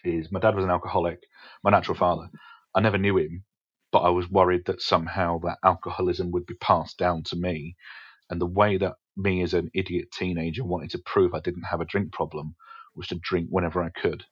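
An English man, a stand-up comedian, frankly recounting his teenage years in a podcast interview, swearing casually and pausing with fillers. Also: deep voice, level tone, slightly rough, no room sound. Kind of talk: candid interview storytelling. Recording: dull, dry podcast audio.

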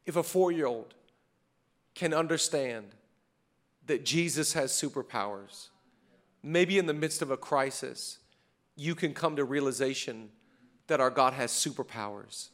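A man's voice: mid-range voice, measured pace, long pauses, a bit bright. A man in his thirties preaching a fervent sermon as pastor, repeating rallying lines.

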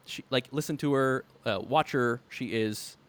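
A man's voice: mid-range voice, unhurried, clear, resonant tone. A man co-hosting a casual podcast, talking with enthusiasm and laughing often. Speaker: podcast co-host. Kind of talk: casual podcast chat about wrestling.

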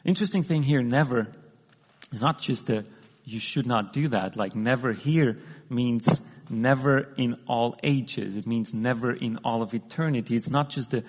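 A man's voice: mid-range voice, moderate pace, breathy edge. Man, sermon, conversational and hesitant, long reverb of a hall. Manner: conversational, hesitant, many restarts and fillers. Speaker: preacher.

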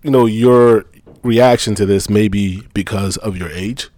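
A man's voice: lowish voice, fairly even intonation, unhurried, a little mellow, no room sound. A man in his thirties, a podcast co-host, who laughs easily and tells stories in casual chat. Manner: laughing, storytelling.

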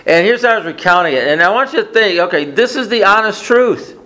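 A man's voice: sits high, expressive, a little fast, bright, forceful tone. A man preaching a conversational sermon, often asking the congregation questions. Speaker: pastor.

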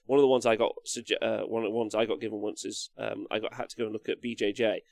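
A man's voice: fairly low pitch, level tone, fast talker, creaky, a little mellow. A young man hosting a casual livestream, rambling, reading chat comments aloud and swearing freely. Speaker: livestream host.

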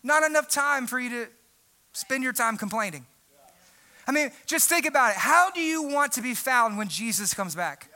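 A young adult man preaches a sermon, loud and emphatic, often shouting his points. His voice sits very high. It has a sharp, piercing edge. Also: lively intonation, moderate pace. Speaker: pastor.

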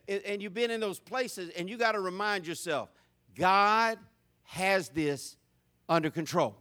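Male preacher, high bright voice, folksy joking delivery, lots of restarts. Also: normal speed. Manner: folksy and humorous, with many stammered restarts. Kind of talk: sermon.

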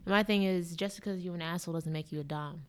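A woman from guesting on a podcast, telling stories in a blunt, profane, animated way. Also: lowish voice, fast. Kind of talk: casual chat.

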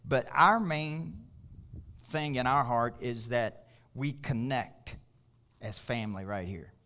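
A man's voice: medium pitch, lively intonation, slow, pushed and bright. A middle-aged male pastor preaching a sermon, emphatic and calling out to his congregation.

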